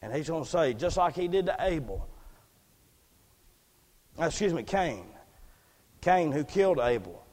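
A man preaching a sermon in a church, fervent, repeating words and rising to shouts. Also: fairly high pitch, very animated, measured pace, long pauses, long reverb tail. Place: church sanctuary.

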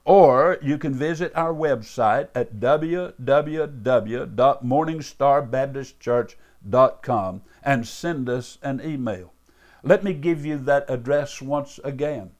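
A man's voice: mid-range voice, slow pace, a little mellow. A man, a pastor delivering a radio sermon in an earnest, fervent way, often saying uh and calling listeners beloved. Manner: earnest, fervent preaching with many uh fillers and repeated beloved.

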